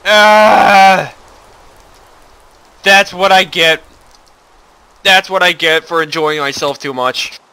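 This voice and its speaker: A man hosting a casual game playthrough, muttering to himself and then breaking into yelps and shouts. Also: sits high, takes it slowly, long pauses, clear, resonant tone, dry recording. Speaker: gaming channel host. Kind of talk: casual let's play commentary.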